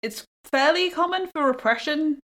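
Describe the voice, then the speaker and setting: A woman's voice: high-pitched, lively intonation, normal speed, a bit bright. A woman co-hosting a podcast, giving frank opinions in casual chat, with lots of "like". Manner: frank, blunt, sprinkled with "like". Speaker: podcast co-host. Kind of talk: casual film review chat.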